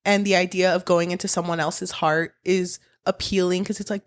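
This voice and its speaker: A woman's voice: lowish voice, flat delivery, moderate pace. A woman co-hosting a book podcast in casual chat, candid and opinionated, swearing casually. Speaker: podcast co-host.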